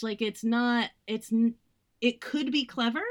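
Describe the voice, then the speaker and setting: A woman's voice: on the high side, measured pace. A young woman co-hosting a podcast, chatting casually about films, with lots of "like" fillers and some sarcastic mocking. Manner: chatty, frequent "like" fillers, sarcastic mock voices. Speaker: podcast co-host. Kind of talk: casual film review chat.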